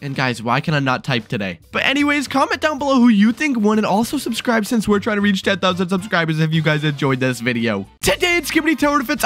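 A young man giving excited, exclamatory commentary over a video game, often repeating himself in bursts. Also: high-pitched. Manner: hyper, exclamatory, repeats phrases rapidly. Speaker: gaming YouTuber.

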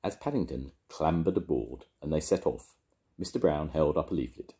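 Old grandad reading a kids book, deep warm voice. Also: male voice, lively intonation, moderate pace. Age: older. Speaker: storytelling grandfather. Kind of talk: reading a picture book aloud.

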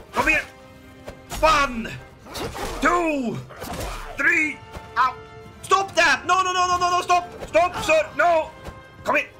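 A man giving playful let's-play commentary, theatrically shouting mock battle orders and giggling, with game music behind. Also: very high voice. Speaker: gaming YouTuber.

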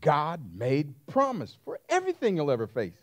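A man's voice: on the high side, huge pitch swings, normal speed. A man preaching a sermon as pastor, emphatic and repetitive, calling out questions to his congregation.

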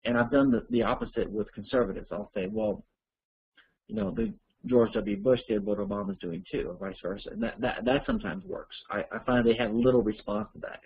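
A man's voice: lowish voice, vocal fry, husky, narrow, tinny audio. A man teaching an online course, answering listener questions in a rambling, conversational way as he thinks aloud.

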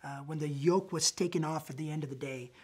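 A man's voice: on the high side, a little fast, darkish tone, husky. A man preaching a sermon in a loose, conversational storytelling way, often asking "right?" and restarting his sentences. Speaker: pastor.

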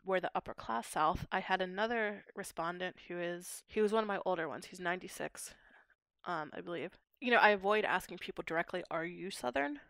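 Speaking fairly quickly in a lowish, fairly bright voice, a young adult from Pittsburgh, USA, talks through her linguistics PhD research in a podcast interview. She's articulate and academic, and the studio-quality recording has no echo.

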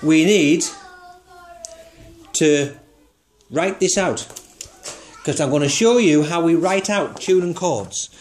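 A man's voice: fairly high pitch, takes it slowly, pauses often, a little mellow, a little hiss or hum. Patient man teaching piano. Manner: patient and encouraging, keeps checking with "right?". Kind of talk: casual music lesson. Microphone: phone camera.

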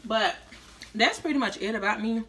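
With a bright voice on the high side and a moderate pace, a Tampa, Florida vlogger in her 30s chats in slang while eating for her mukbang. Her words come out slightly slurred following an orthodontist visit.

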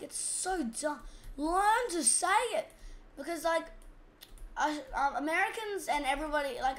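High-voiced Australian woman, rambling chat. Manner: rambling, chatty, easily sidetracked. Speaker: gaming channel host. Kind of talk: casual gameplay commentary.

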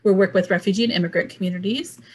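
A woman's voice: medium pitch, fairly even intonation, slightly rough. Earnest woman presenting, many "um"s. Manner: measured, frequent "um"s, earnest. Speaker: arts program presenter. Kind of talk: slide presentation.

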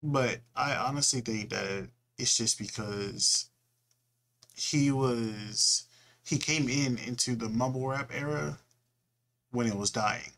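A man's voice: mid-range voice, slow pace, gravelly, fairly bright tone. A young man in his twenties from California, rambling and slangy, who swears freely as he comments on a video. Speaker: reaction video host.

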